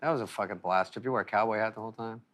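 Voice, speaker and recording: A man chatting in a casual, lively way and reacting eagerly to what his guests say. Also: fairly low pitch, rapid-fire, lo-fi sound, a loud crowd. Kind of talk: casual chat.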